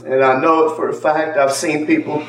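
A man's fairly high voice holds a level tone at a moderate pace as he earnestly testifies in a church sanctuary. He repeats phrases and addresses congregants by name. The audio is distant and echoey, carrying faint ambience and slight noise.

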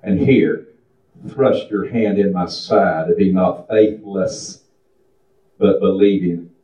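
A man's voice: sits low, takes it slowly, dark tone. A man preaching a sermon in a folksy style that builds into a fervent chant. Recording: distant, echoey, muffled room recording.

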